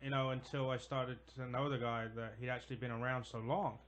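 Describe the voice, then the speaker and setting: A man's voice: medium pitch, little pitch movement, a little fast, fairly bright tone. A man hosting a casual interview who asks short, curious questions. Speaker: host.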